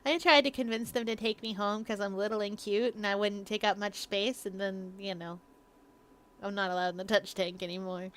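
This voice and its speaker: A woman streaming a game, chatting casually in a rambling, playful way, with sudden loud, silly bursts. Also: mid-range voice, steady tone, moderate pace. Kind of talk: casual gaming livestream chat.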